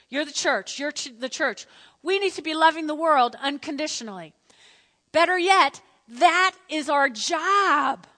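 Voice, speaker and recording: High, bright-voiced woman preaching. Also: in a large hall. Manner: animated, repeats phrases, asks the congregation to respond. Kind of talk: sermon. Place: church sanctuary.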